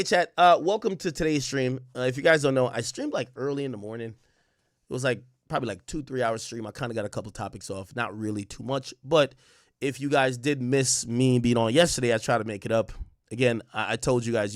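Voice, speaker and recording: A young man hosting a livestream, casually reading his chat and shouting out cities in a loose, profane way. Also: medium pitch, fairly quick, no room sound, clean studio sound. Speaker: livestream host. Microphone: desk mic close up.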